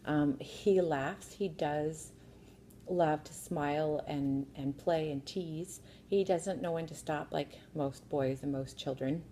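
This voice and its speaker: A woman's voice: low voice, slow, mellow, a little hiss or hum. A mother casually telling a family story from her kitchen bar, wry and laughing at herself. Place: sitting at a home kitchen bar.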